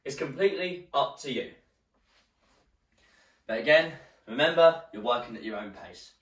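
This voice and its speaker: A man's voice: medium pitch, expressive, moderate pace, a bit bright. A male fitness instructor leading a live workout class, slightly out of breath as he exercises and counts down the rounds. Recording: roomy echo, distant mic.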